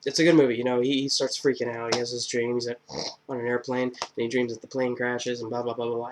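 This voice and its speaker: Guy doing a loose movie review vlog, lots of ums, crude jokes, mid-pitched voice. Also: level tone, fast, slight background noise. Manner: rambling, filler-heavy, joking retelling; crude and irreverent. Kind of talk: casual spoken movie review.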